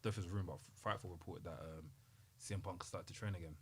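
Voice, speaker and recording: A young man, co-hosting a casual wrestling chat, excitable and slangy, laughing often. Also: sits low, racing, slightly rough. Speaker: podcast co-host.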